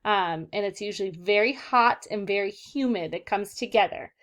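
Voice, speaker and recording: A woman's voice: medium pitch, normal speed. Young woman, elementary teacher, online vocab lesson, encouraging, repeats words for kids. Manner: encouraging, repeats and checks in with "okay, guys?". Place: southern California.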